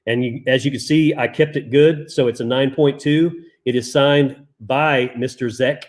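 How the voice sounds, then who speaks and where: A man's voice: medium pitch, fairly even intonation, normal speed. A man in his fifties co-hosting a casual chat, telling rambling stories with chuckles. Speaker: co-host. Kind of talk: casual chat about comic collecting.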